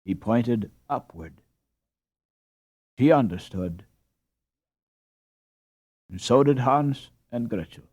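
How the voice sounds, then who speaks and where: A man narrating a classic children's novel in a measured, expressive storytelling manner. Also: medium pitch, breathy edge, dry recording. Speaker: audiobook narrator. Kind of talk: scripted narration.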